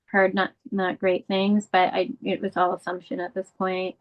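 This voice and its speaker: In a muffled recording, a middle-aged woman speaks at a moderate pace with a completely flat delivery, though her pitch rises when emotion takes over. As an interview guest, a bereaved mother and advocate, she tells a painful family story earnestly and candidly.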